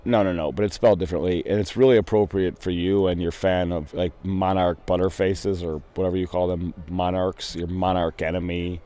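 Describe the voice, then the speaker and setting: Rambling low-voiced young man. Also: fairly even intonation, a little fast, hardly any pauses, dark tone. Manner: rambling, profane, easily sidetracked. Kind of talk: casual voice chat. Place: at a computer in a voice channel.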